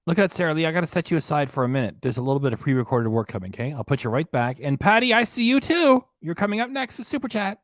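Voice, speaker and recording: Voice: medium pitch, sing-song, racing, few pauses, no echo. Chatty livestream host with a dry sound. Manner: chatty, thanking viewers by name. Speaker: livestream host reading viewer comments. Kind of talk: casual livestream chat.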